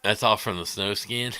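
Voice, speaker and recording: A man's voice: lowish voice, pushed and bright. A man hosting a guitar livestream, chatting casually and rambling through stories with frequent chuckles.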